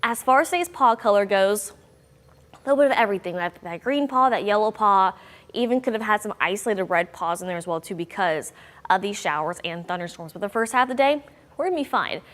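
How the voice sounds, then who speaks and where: A woman's voice: mid-range voice, lively intonation, quick pace, fairly bright tone. A young woman delivers a TV weather forecast in a friendly, conversational way, lifting her voice on key words. Her voice sits mid-range, and a long reverb trails behind it. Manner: upbeat, conversational, bouncy emphasis. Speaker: TV meteorologist.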